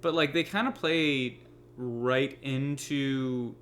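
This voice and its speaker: Talking slowly in a mid-range, fairly bright voice, this podcast co-host keeps his anime discussion relaxed and casual, dropping occasional curses and plenty of fillers like "like" and "you know." There's a bit of hiss or hum in the recording.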